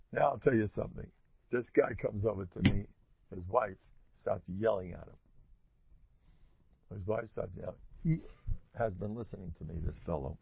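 A man's voice: on the low side, gravelly. A man giving an informal religious talk to an audience, rambling through stories and acting out both sides of conversations. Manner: rambling storyteller who acts out dialogue. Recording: muffled lo-fi recording with faint noise.

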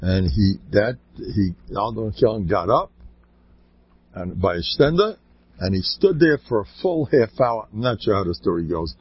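A man giving an informal inspirational talk full of stories, with an animated delivery that swoops up high and then drops to quiet asides. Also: moderate pace, breathy edge, no echo. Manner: animated, swooping pitch, sudden quiet drops, laughs between points. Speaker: inspirational speaker. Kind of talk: informal Jewish ethical talk with storytelling. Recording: dull lo-fi dry recording.

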